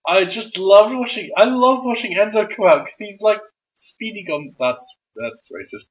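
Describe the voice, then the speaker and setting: A man on a casual wrestling podcast talks with animated energy, his voice sitting a little high. He swears freely and keeps breaking into loud impressions of wrestlers. The recording is dull and lo-fi. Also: normal speed. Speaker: podcast co-host. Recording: dull lo-fi sound.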